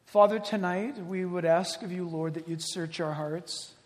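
Slow-talking pastor man, high voice. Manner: animated storytelling, breaks into laughter. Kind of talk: sermon. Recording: long hall reverb.

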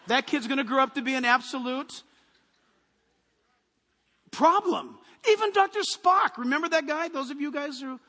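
Man, pastor, punchy sermon delivery, bright edgy tone, long hall reverb. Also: very high-pitched. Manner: forceful, punchy preaching with lists and asides.

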